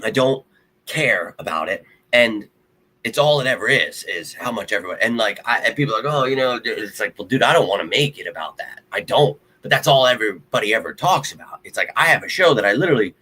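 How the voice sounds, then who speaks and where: A man's voice: fairly low pitch, pushed and bright, slightly rough, low-quality recording. A man hosting his own live sports show, rambling bluntly and heatedly about his football team to viewers. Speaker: sports podcast host. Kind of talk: casual fan commentary to a live stream.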